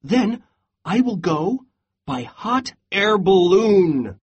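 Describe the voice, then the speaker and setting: Nervous storybook pig, put on by a reader, slow, lively pitch, husky. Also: highs cut off, heavily acted. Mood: eager. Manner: slow, deliberate storybook delivery. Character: anxious pig planning a trip. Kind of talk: storybook read-aloud.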